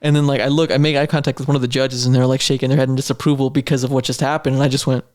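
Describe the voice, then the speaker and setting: A man's voice: medium pitch, level tone, rapid-fire, darkish tone. A man from Idaho, an amateur mixed martial arts fighter, telling stories in a casual podcast chat, rambling and packed with "like.". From Idaho, USA. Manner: rambling storyteller, heavy use of "like". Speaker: amateur MMA fighter guest.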